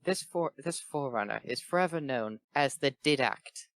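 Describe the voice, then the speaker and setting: A man reads a fanfiction aloud for laughs, his voice sitting in a middle register. He switches into quick character voices and keeps breaking off to joke. The recording is close and dry, with no room sound. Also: medium pitch, animated, fairly bright tone, no echo. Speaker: fanfiction reader. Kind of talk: comedic dramatic reading with commentary.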